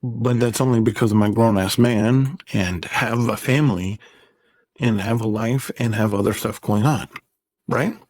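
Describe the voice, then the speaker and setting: A man's voice: lowish voice, measured pace, a little mellow, dry recording. A man in his thirties, a gaming YouTuber, ranting in a casual vlog, rambling, exasperated and sarcastic.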